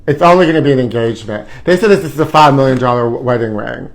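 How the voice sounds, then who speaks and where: A man's voice: mid-range voice, fast talker, poor audio. A man hosting a live gossip show, campy and sassy, calling his viewers honey and swinging between theatrical outbursts and asides. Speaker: host. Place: hot indoor studio.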